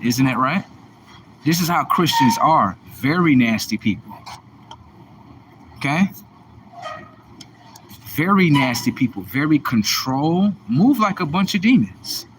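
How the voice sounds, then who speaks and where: Man, livestream host, slightly higher voice, combative and mocking, preachy profane rant. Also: fairly bright tone, a little hiss or hum.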